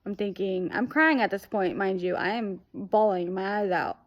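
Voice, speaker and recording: A woman's voice: mid-range voice, moderate pace, lo-fi sound. A young woman vlogger retelling a hard weekend in a rambling, emotional way, full of fillers. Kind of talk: casual storytelling.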